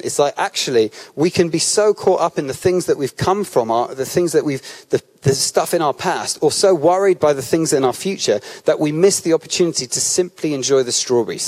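A man's voice: fairly high pitch, animated, brisk, hardly any pauses, a little mellow. A man with a British accent giving a sermon at a church, talking casually and telling personal stories, often restarting his sentences. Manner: conversational storytelling with frequent restarts. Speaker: church speaker.

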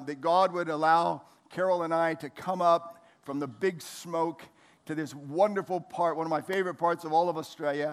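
A man in his sixties, from the United States, preaching a folksy, joking sermon as a pastor in a church hall. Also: fairly high pitch.

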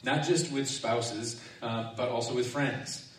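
A man's voice: mid-range voice, slow pace, recorded from a distance. A man delivering a sermon with an easygoing, self-deprecating storytelling style and frequent chuckles. His mid-range voice sits in a big reverberant room. The mic is set back from him, and faint background noise lingers. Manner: relaxed, self-mocking storyteller who often laughs. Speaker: pastor. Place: large echoing hall or sanctuary.

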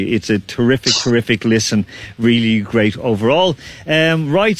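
A man's voice: medium pitch, no room sound. A man hosting a casual online quiz, chatty and laughing often. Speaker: quiz host.

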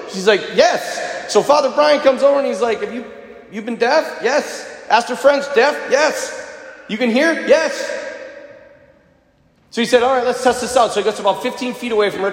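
A man, a priest, preaching a sermon and telling stories in an animated way, acting out the voices of the people in them. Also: high-pitched, echoey room, big-room sound.

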